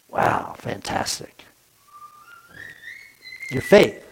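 A man's voice: on the high side, huge pitch swings, takes it slowly, vocal fry, long pauses, breathy edge, low-quality recording. A male pastor giving a sermon in a conversational way, asking the congregation questions and acting out the people in the story. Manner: conversational, asks the congregation questions, acts out quotes.

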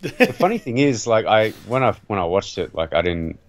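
A man's voice: lowish voice, sing-song, fairly quick. A man chatting casually about a film in a laid-back, understated way. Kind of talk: casual movie review chat.

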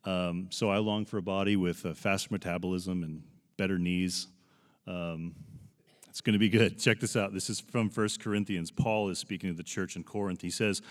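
Pastor, 40s, male, very low voice, earnest and heartfelt sermon, echoing hall. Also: steady tone, normal speed. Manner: earnest, emotional, conversational with scripture readings.

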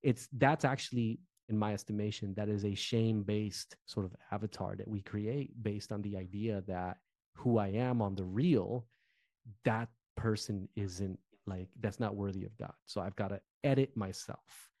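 Man, from New Jersey, podcast co-host, casual animated talk, warm dark tone, dry sound. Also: fairly low pitch, normal speed, no echo. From Newark, New Jersey. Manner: animated, conversational, fillers like "you know". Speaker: podcast co-host, former pastor.

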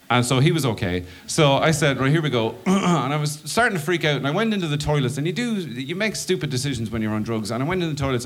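A man's voice: on the high side, slight background noise. Irish guy doing standup, acts out his own freaked-out inner voice. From Ireland. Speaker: stand-up comedian. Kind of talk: stand-up storytelling.

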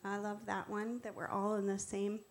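A woman and church co-founder sharing a personal testimony, telling her story earnestly with slides, reverent and animated in turn. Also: mid-range voice, moderate pace.

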